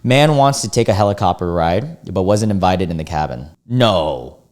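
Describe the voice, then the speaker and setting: Male reaction host, deeper voice, very lively delivery, casual and profane, reacts in disbelief. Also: moderate pace. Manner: animated, swears freely, exclaims in disbelief. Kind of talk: casual commentary reading forum posts.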